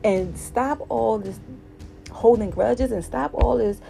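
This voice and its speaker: A woman's voice: a little high, takes it slowly, creaky, dark tone, faint music behind, rough recording. A woman telling a heartfelt personal story in a casual, earnest way, livening up when she quotes other people.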